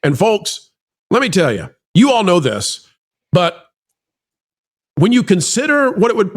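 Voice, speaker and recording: A man hosting a talk show, speaking earnestly and a bit like a preacher to his listeners, then turning to question his co-host. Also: high-pitched. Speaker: podcast host. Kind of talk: heartfelt talk-show commentary.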